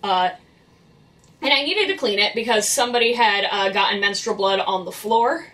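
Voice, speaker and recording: A woman's voice: medium pitch, normal speed, a bit bright, recorded from a distance. A young woman, a vlogger who works in public cleaning, venting about her job in a blunt, exasperated and profane way. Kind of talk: venting storytime vlog.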